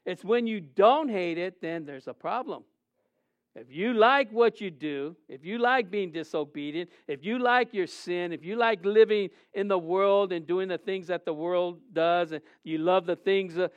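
A middle-aged man preaching a sermon as pastor, his delivery swinging between emotional, raised passages and quiet, subdued confessions. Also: high voice, smooth, dry recording, dull audio. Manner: emotional preaching with rising and falling intensity.

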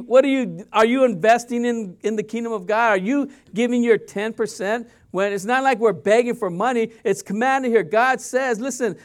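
A man preaching a sermon as pastor, animated, with sudden loud rises and quiet drops and casual conversational asides. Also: high-pitched.

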